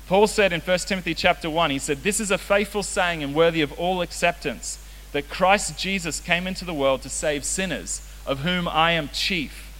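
A man's voice: fairly high pitch, normal speed, a bit bright. A young man preaching a casual, joking sermon as a youth pastor. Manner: casual, joking, self-deprecating. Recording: reverberant hall with faint hiss.

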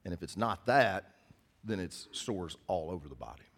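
A man's voice: low-pitched, expressive, moderate pace, breathy edge. A man preaching a sermon in a folksy, conversational way, often putting questions to his congregation. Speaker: pastor.

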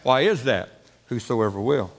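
A man's voice: medium pitch, animated, normal speed. A pastor preaching a folksy, repetitive sermon in his church sanctuary. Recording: long church reverb.

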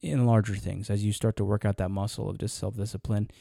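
A man co-hosting a podcast, easygoing and quick with joking asides. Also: lowish voice, level tone, creaky, dark tone, no room sound, studio quality. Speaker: podcast co-host. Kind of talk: casual podcast talk.

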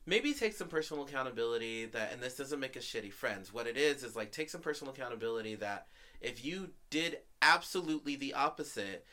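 A man's voice: mid-range voice, lively intonation, brisk, bright, forceful tone. A man co-hosting a podcast in casual chat, venting animatedly and laughing often. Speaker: podcast co-host.

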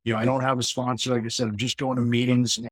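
A man's voice: mid-range voice, flat delivery, fast, breathy edge, dry recording, poor audio. A middle-aged man from New York, a podcast guest, telling a personal story in a casual, rambling way with lots of restarts. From New York, USA. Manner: conversational, frequent restarts and "you know" fillers.

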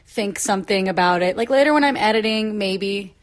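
A woman's voice: medium pitch, fairly quick. A woman hosting a podcast, chatting casually and supportively with her guest in a rambling way. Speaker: podcast host. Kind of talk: casual interview chat.

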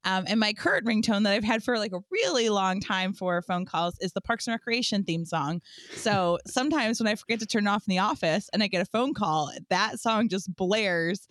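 A woman's voice: mid-range voice, expressive, fairly quick, a bit bright, no echo. Woman podcast co-host, cheerful and giggly, dry sound. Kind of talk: casual chat.

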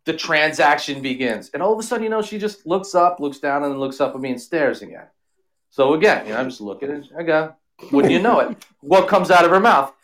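A man's voice: fairly high pitch, animated, a little fast, a bit bright. A man in his forties, a podcast guest, telling a profane story in casual chat and acting out the other people's voices. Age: 40s.

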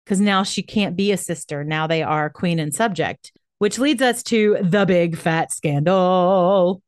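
Low-voiced woman telling a history story. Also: measured pace, no room sound, studio quality. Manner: storytelling, leads the retelling with frequent "um" and "I mean". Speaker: podcast co-host. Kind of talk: casual history chat.

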